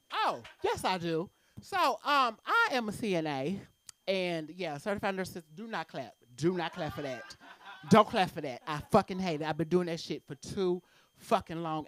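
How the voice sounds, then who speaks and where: A woman's voice: fairly low pitch, fairly bright tone, dry recording. A woman doing a brash, profane stand-up set at an open mic in a comedy club.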